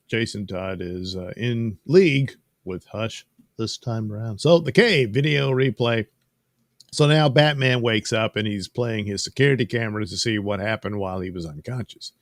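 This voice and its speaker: A man's voice: on the low side, no echo. A man casually recapping a comic book with rambling, folksy, wry asides as host of his own show.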